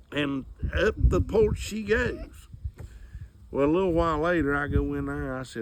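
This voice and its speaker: A man telling a comedy story, animated and acting out sound effects. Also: on the high side, normal speed, creaky, a little hiss or hum.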